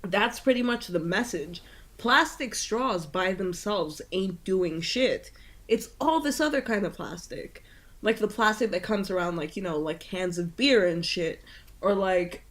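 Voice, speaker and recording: A woman co-hosting a podcast in casual chat, talking freely with lots of fillers and swearing. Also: on the low side. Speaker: podcast co-host. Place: home in Italy.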